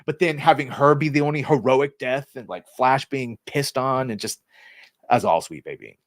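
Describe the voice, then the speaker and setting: A man's voice: mid-range voice, moderate pace, no echo, studio quality. A man co-hosting a casual podcast chat, ranting sarcastically and swearing freely. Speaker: co-host.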